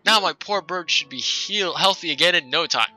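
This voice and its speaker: A man reading for a young woman stuck far from home with her hurt bird. The lines come flat and quick, like text read off a game screen, in a bright, sharp voice that sits a bit high. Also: soft background music. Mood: relieved.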